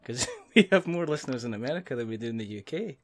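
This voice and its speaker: A man hosting a casual podcast chat, his voice sitting at an ordinary middle pitch. He jokes around, laughs easily and often restarts his sentences. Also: expressive, fast talker, a crowd in the background. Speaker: podcast host.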